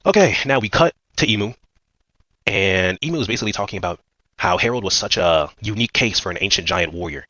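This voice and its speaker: Fast-talking low-voiced man recapping manga. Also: expressive, sharp tone, dry recording, highs cut off. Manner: rambling, filler-heavy, slangy. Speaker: manga commentator. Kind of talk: casual chapter recap commentary.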